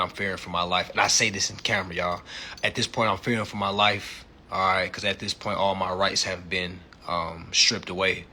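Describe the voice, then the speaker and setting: A man hosting a casual livestream chat, animated and profane, laughing often and peppering his talk with slang. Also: sits low, a little hiss or hum. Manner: slangy, repeats "you know what I'm saying". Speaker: livestream host.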